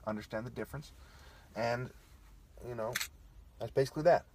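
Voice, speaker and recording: A man's voice: medium pitch, moderate pace, background noise. A man delivering a combative, profane, preachy monologue, tagging his points with "okay" and "right.". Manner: repeats "okay" and "right" as tags. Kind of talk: ranting monologue.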